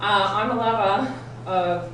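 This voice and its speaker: A woman's voice: medium pitch, measured pace, background noise. Australian woman doing stand-up, echoey club. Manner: self-deprecating, giggly storytelling. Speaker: stand-up comedian. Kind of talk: stand-up comedy set. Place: comedy club stage with live audience. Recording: echoey room, distant mic, loud ambience.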